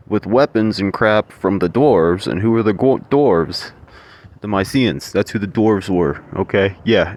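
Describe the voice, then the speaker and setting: A man in a rambling, profane, ranting monologue. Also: on the low side.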